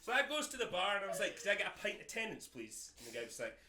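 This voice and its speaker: A man's voice: high-pitched, racing, background noise. A Scottish man telling a comic, exasperated story on stage at a live house concert. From Scotland. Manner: animated, exasperated storytelling with laughter. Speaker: guitarist telling a story between songs. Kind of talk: comic onstage anecdote. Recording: roomy live venue with audience.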